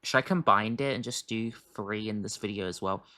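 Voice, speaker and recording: A reaction streamer who talks casually, asking rambling, confused questions and swearing often. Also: male voice, lowish voice, fairly quick, pushed and bright.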